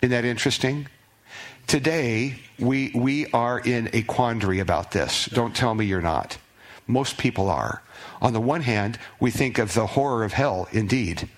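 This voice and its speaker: A man's voice: medium pitch, a little slow. A man pastor preaching a sermon in a church, talking plainly with the congregation and lifting his voice when he reads scripture aloud. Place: church sanctuary.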